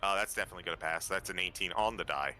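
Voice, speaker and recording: A man's voice: deep voice, very fast, bright, forceful tone, soft background music. A man running a tabletop game as dungeon master over a voice call, casually calling out rolls and enemy moves.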